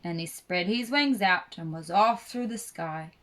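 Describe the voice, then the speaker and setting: Slow expressive woman storyteller. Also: on the low side. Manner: slow, expressive read-aloud. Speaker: puppeteer narrator. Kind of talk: rhyming storybook narration.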